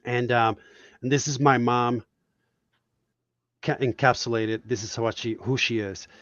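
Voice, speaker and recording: A man's voice: medium pitch, steady tone, a little slow, fairly bright tone, no room sound, muffled recording. A man from Puerto Rico, a guest cartoonist, telling reflective, heartfelt stories in a casual podcast chat.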